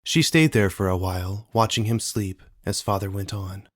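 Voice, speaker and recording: A man narrating an audiobook in a calm, measured storytelling manner. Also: on the low side. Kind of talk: scripted narration.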